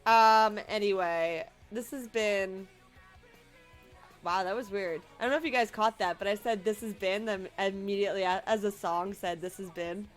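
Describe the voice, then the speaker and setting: With faint music in the background, a woman in her late twenties streams to her viewers, recounting her day in a mid-range voice at normal speed. She rambles emotionally, laughing even while crying, in a casual storytelling style.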